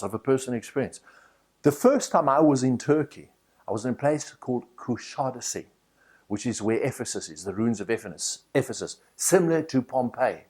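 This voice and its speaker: A man's voice: mid-range voice, slightly rough. A man with a South African accent, a motivational speaker teaching a speaking course and telling personal stories in a direct, confiding way. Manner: animated storytelling, direct and confiding.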